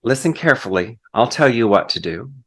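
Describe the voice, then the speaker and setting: A man voicing God as a calm, reassuring presence speaking to a man in trouble. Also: mid-range voice, fairly quick. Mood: calm assured.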